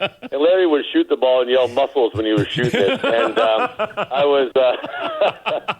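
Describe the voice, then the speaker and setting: A man's voice: medium pitch, fairly quick, rough recording. A man telling an anecdote in an interview, chuckling as he goes. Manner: chuckling storyteller, lively.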